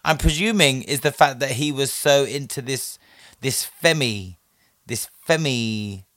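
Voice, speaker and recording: At medium pitch and an unhurried pace, the host reacts to a listener's story in a fairly bright voice, recorded dry. His casual commentary is sassy and chatty, peppered with "like" and frequent laughter.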